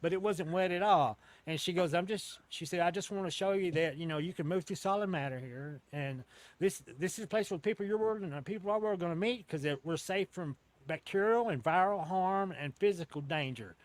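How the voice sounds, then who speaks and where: A man's voice: sits high, fairly quick, dry recording. A man as an interview guest, telling a long story in a casual, rambling way, with many restarts and casual swearing. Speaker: interview guest recounting an encounter.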